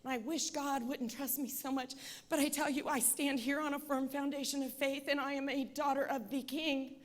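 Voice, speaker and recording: A woman in her forties gives an earnest testimony from a stage, her voice high and clear. She speaks with steady conviction and builds to forceful appeals. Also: normal speed. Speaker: speaker at an event. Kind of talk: personal testimony speech.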